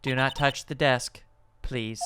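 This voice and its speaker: A woman voicing a creepy, quiet female secretary who speaks low and softly with menacing politeness. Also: fairly even intonation, slow pace, slight background noise, heavily acted. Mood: ominous hush.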